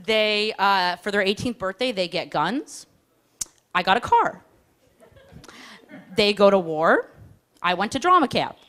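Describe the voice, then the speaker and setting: A young woman telling a stand-up comedy story in a chatty, self-mocking way, slipping into quick voices for other people. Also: mid-range voice, lively intonation, fairly bright tone.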